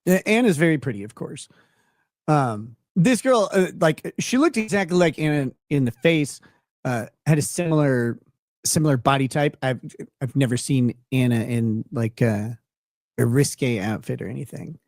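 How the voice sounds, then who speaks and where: A man's voice: medium pitch, lively intonation, normal speed, darkish tone, dry recording, clean studio sound. Laughing man from Minnesota telling stories. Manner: rambling, laughing often, many restarts and fillers. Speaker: show host. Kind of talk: casual storytelling chat.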